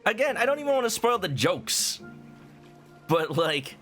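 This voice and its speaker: A man's voice: high voice, wildly swooping pitch, normal speed, fairly bright tone. A man casually commenting while streaming a video game, playful and joking, rambling with little stammers, with game music behind him.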